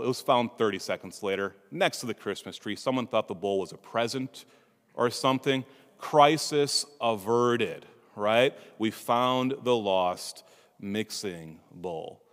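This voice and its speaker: A priest giving a homily, telling a humorous family story with asides to the congregation, in a church. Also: male voice, mid-range voice. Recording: reverberant church hall.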